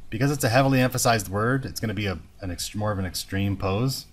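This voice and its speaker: Male animation tutor, lowish voice, relaxed, narrates his steps as he works. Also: quick pace. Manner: relaxed, thinking aloud step by step. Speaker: animation instructor. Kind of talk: screen-recorded software tutorial.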